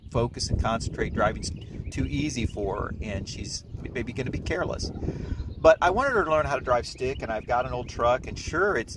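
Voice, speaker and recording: A man in his forties speaks as a pastor, in a mid-range voice and an unhurried, reflective way. He tells a homely story and then turns it into a devotional lesson. A faint noise floor sits under the recording. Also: medium pitch, fairly bright tone. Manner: storytelling, reflective, plain-spoken. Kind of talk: devotional talk.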